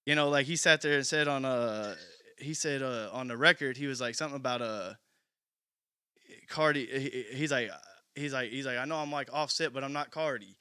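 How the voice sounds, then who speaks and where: A man in casual podcast chat, telling animated stories and laughing as he quotes others. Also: medium pitch, normal speed, clean tone, no echo. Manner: animated storyteller, laughs while quoting others.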